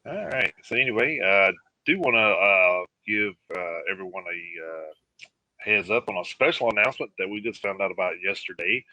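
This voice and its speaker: A man co-hosting a casual live radio show, reading out a list with many pauses and fillers. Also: low-pitched, expressive, pushed and bright, no room sound, rough recording. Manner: halting, filler-heavy reading of lists.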